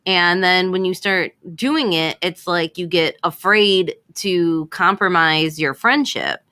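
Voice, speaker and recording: Woman on a radio chat show, deep-ish but bright crisp voice, super casual, lots of likes. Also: slow pace. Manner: casual, fillers like "like" and "you know". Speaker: radio co-host.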